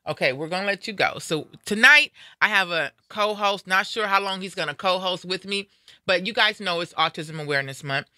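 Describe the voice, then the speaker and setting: A woman's voice: fairly low pitch, brisk, sharp tone, dry recording. A middle-aged woman hosting a live talk show in a casual, upbeat, playful way. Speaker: radio show host.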